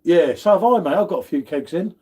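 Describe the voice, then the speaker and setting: A man's voice: sits high, expressive, brisk, mellow, breathy edge. A man hosting a casual livestream, reading out viewer comments and greeting viewers in a chatty way, calling everyone "mate". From United Kingdom. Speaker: livestream host.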